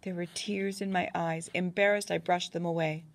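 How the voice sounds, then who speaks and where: A woman reading a first-person novel aloud as an audiobook narrator, in a measured, even storytelling manner. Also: fairly low pitch, dry recording.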